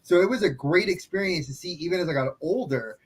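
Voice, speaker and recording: A man from New York with a New York accent, hosting a casual podcast chat as a gregarious, animated storyteller. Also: high voice, fast talker, breathy edge. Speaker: podcast host.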